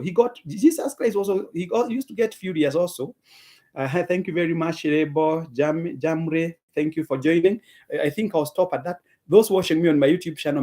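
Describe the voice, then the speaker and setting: Man, Kenyan accent, live-stream host, reads out viewer names, thanks people, switches between English and Swahili, mellow tone. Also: fairly high pitch. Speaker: livestream host reading viewer comments.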